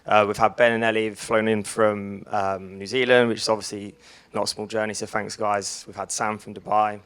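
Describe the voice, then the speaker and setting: A man's voice: fairly low pitch, level tone, moderate pace, fairly bright tone, clean tone. A young man from England giving a teasing wedding speech as the groom, laughing at his own jokes.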